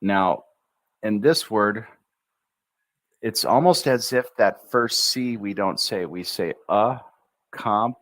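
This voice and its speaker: Slowly breaking words into syllables, an American-accented man runs a livestream pronunciation lesson for English learners, adding cheerful side comments. He has a lowish voice with a fairly bright tone.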